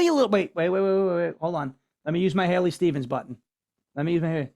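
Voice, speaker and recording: Brash, high-voiced male show host. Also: very fast, creaky, a little mellow. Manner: mocking, brash and loose. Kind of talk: political commentary show.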